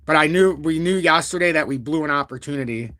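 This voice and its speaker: A man hosting a crypto live stream, talking at length in a blunt, calm and even tone while reading out viewer super chats. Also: on the high side, fast talker, no echo, clean studio sound. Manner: talkative and blunt, reads super chats aloud; calm, even-toned delivery even when annoyed. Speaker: crypto livestream host. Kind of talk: live-stream market commentary.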